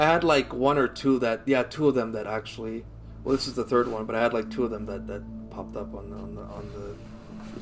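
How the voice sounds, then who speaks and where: A man livestreaming and chatting casually with viewers, rambling with many fillers and casual swearing. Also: mid-range voice. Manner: rambling, filler-heavy, lots of "like" and "you know". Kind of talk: casual chat with stream viewers.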